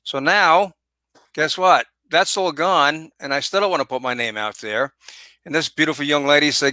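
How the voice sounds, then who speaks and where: A man's voice: on the high side, normal speed, sharp tone, dry recording. A man guest joining a casual chat, joking and talkative.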